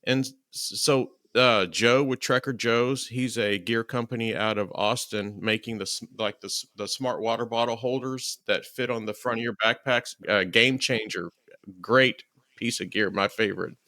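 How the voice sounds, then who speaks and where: A man hosting a hiking podcast, telling stories in a chatty, animated way and acting out what people said. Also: mid-range voice, moderate pace, no room sound, clean studio sound. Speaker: podcast host. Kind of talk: casual interview chat.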